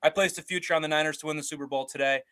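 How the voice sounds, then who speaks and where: A man's voice: fairly high pitch, steady tone, racing, sharp tone, clear, resonant tone. A man co-hosting a casual sports betting podcast, giving his picks with blunt confidence. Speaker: co-host picking bets.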